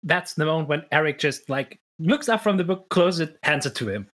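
A woman's voice: low voice, expressive, fairly quick. A woman playing in a tabletop role-playing game, speaking in a hesitant, amused way. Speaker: player.

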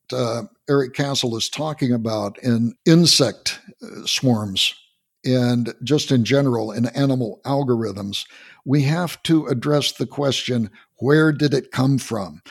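A man hosting a podcast interview, explaining in a halting way and often restarting and repeating words. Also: medium pitch, breathy edge. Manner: storytelling, earnest explaining. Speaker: podcast host.

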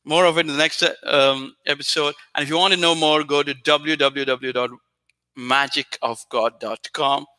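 A man's voice: a little high, fairly even intonation, normal speed, bright, forceful tone. A man giving an earnest, repetitive spiritual talk to listeners. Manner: earnest, repetitive, emphatic teaching. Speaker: spiritual teacher.

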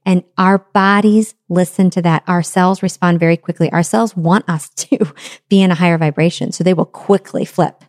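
A middle-aged woman, a motivational speaker, gives an earnest self-help talk about letting go, using repeated phrases and rhetorical questions. Her lowish, slightly mellow voice keeps a fairly even intonation at normal speed, captured in a dry, clean studio recording.

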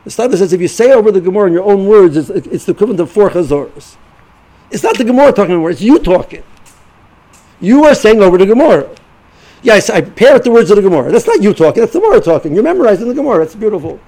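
A middle-aged man giving an informal Torah lesson, halting and repeating words as he restarts sentences. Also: sits high, sing-song, mellow, low-quality recording. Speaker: yeshiva rebbe giving a shiur.

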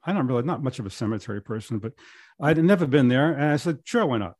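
A man's voice: mid-range voice, expressive, quick pace, darkish tone, no room sound, studio quality. Middle-aged man telling stories casually. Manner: rambling anecdotes with many restarts. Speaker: podcast guest. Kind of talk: casual storytelling.

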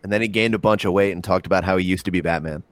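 A man's voice: deep voice, steady tone, rapid-fire, slight background noise. A man competing on a trivia quiz, answering confidently and trading jokes with his teammate. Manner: joking, confident banter. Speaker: quiz contestant. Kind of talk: casual chat.

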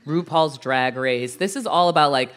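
Low-voiced woman radio host. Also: normal speed. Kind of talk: public radio interview on stage. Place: theater stage before live audience.

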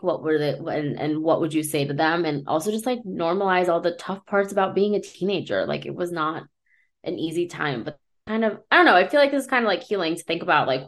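A woman's voice: low-pitched, animated, moderate pace. A young woman co-hosting a podcast in candid, casual chat, talking freely with lots of "like" and frequent laughter. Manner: chatty, peppered with "like", often laughing. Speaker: podcast co-host.

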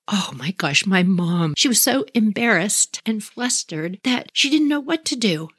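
Husky woman telling funny family stories, animated, chatty, dry close sound. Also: medium pitch, measured pace, no echo. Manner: animated, laughing, talks to listeners directly. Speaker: storyteller. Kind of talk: casual family storytelling.

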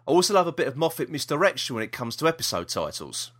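A very animated man with a South East London accent co-hosts a podcast, speaking fast in a voice on the high side and a bit bright. He's chatty, reading a listener's email aloud with many ums and restarts.

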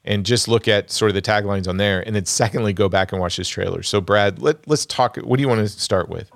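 Man, podcast co-host, casual talk, lowish voice, restarts while thinking. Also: fairly quick, vocal fry, no echo, clean studio sound. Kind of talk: casual movie chat.

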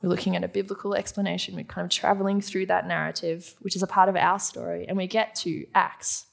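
Gravelly-voiced woman preaching a sermon. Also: fairly low pitch, little pitch movement, a little fast. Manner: teaching, asks the audience questions.

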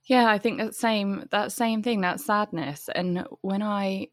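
A woman's voice: medium pitch, a little slow, no echo. Reflective woman psychotherapist, dry close sound. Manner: thoughtful, reflective, laughs easily. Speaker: podcast guest, psychotherapist. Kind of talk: casual podcast conversation.

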